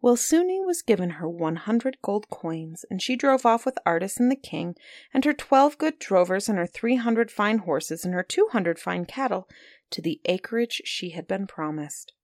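A woman's voice: mid-range voice, moderate pace, no echo, studio quality. Woman reading a fairy tale aloud. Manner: expressive read-aloud, voicing characters. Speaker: storyteller. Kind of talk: storybook reading.

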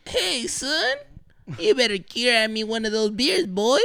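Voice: mid-range voice, lively intonation, a little slow, vocal fry, a bit bright, clean tone, dry recording, clean studio sound. A performer voicing a bossy old man who calls the younger guys son, in a wavering, swinging voice. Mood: gruff bossy.

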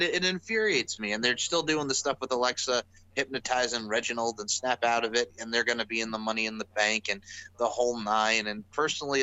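Young man, podcast co-host, casual chat, rambling, exasperated, bright forceful voice. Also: medium pitch, low-quality recording. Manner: rambling, exasperated, many restarts.

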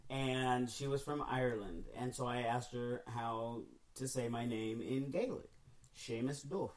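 A man's voice: medium pitch, measured pace. A man co-hosting a podcast in casual chat, chatty and teasing. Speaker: podcast co-host.

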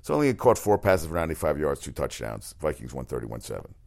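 A man's voice: very deep voice, sing-song, fast, vocal fry, darkish tone, slight background noise. A man hosting a casual sports talk monologue, rambling and profane, often restarting his sentences. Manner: exasperated outbursts.

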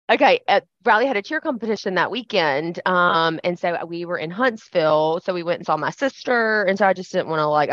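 A chatty woman co-hosting a podcast, rambling along with a lot of "like" in her talk. Her voice sits a little low for a woman. The sound is dry and a bit dull. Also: fairly bright tone, no room sound. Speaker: podcast co-host. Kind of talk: casual chat.

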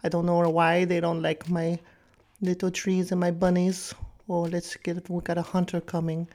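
A man voicing a soft-spoken male TV painter who is a parody of a dictator, cooing gently in a mock accent. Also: sits high, a little slow, voice pushed up.

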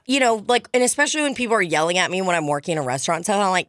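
A woman co-hosting a casual chat, telling stories in an animated, profane way. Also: fairly low pitch, rapid-fire, dry recording, studio quality. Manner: profane, animated storytelling with acted quotes.

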